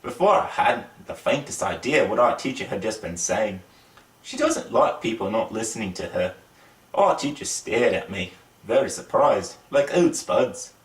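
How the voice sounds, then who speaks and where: A man's voice: lowish voice, moderate pace, echoey room, recorded from a distance. A man reading a children's story aloud in a put-on British accent, voicing each character as he goes. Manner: lively, voices the characters. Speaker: reader of a children's book.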